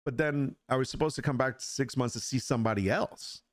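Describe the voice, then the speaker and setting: A middle-aged man hosts a solo podcast in a medium-pitched, brisk voice, with a dry, clean studio sound. He's frank and opinionated, rambling casually and often repeating words as he restarts a thought.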